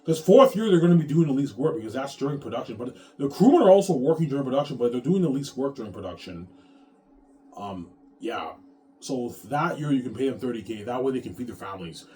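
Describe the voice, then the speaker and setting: A male author talking in a casual monologue, animated, often stumbling and restarting his sentences. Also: mid-range voice, brisk. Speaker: author and vlogger.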